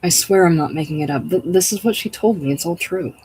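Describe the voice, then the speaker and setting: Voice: mid-range voice, fairly quick, darkish tone, slightly rough, natural voice, low-quality recording. A reader voicing an urgent, elated grieving wife.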